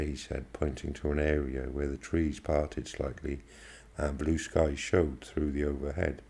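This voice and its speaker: A man reading a first-person novel aloud as an audiobook, in a steady, measured manner. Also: very deep voice, slightly rough. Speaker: audiobook reader.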